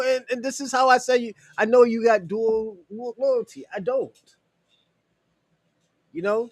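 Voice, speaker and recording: A man from the United States with a high voice talks on a casual livestream and answers his chat. He is loose and profane, leans on "you know" and chuckles between points. The sound is dry and close. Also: no echo.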